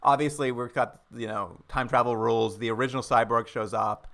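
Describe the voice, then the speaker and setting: A man's voice: mid-range voice, fairly even intonation, a little fast, gravelly, a bit bright. A man co-hosting a podcast in casual chat, recapping the plot wryly and laughing often. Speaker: podcast co-host.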